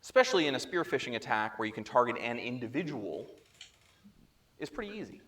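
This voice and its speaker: A man presenting at a security chapter meeting, telling a story in a lively way and acting out the dialogue, speaking into a handheld microphone. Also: medium pitch, brisk. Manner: animated storyteller who acts out quoted dialogue. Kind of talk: conference talk, storytelling. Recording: echoey room, faint background noise.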